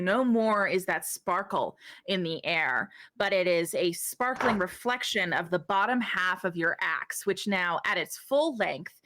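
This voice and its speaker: A woman narrating a tabletop game as game master, describing scenes slowly with many fillers. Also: lowish voice, a bit bright, no echo.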